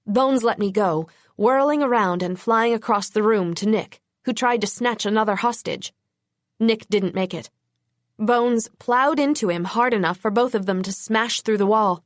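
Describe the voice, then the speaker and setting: A woman's voice: mid-range voice, moderate pace, no room sound, clean studio sound. A woman narrating a first-person urban fantasy audiobook in a tense, urgent voice.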